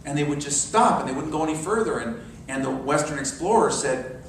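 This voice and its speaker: A man in his sixties preaching a sermon, telling stories and dropping to soft meditative tones. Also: on the high side, animated, fairly quick, few pauses, slight background noise. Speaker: minister. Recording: very echoey hall, mic far off.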